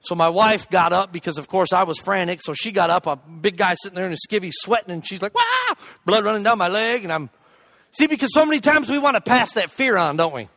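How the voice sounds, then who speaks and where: High, bright-voiced preacher man. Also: fast, dry recording. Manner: animated, jokey, bursts into loud shouted asides. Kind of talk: humorous sermon storytelling.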